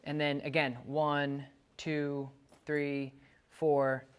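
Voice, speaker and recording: A man working as a dog trainer, calmly coaching a client through exercises and counting out the timing. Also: a little high, drawn-out words, clean tone. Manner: calm, coaching, counts out loud. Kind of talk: instructing a client during training.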